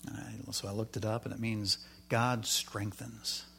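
A middle-aged man giving a sermon with a personal testimony, telling his story with animated swings from loud excitement to quiet asides. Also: a little slow, gravelly, slight background noise. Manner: animated storytelling, rising loud when excited, dropping low for quoted asides. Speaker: preacher.

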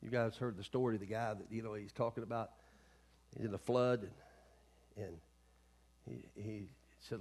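A man's voice: on the low side, fairly even intonation, brisk, a little mellow. A middle-aged male pastor preaching a sermon in a folksy way, with many asides and calls to the congregation.

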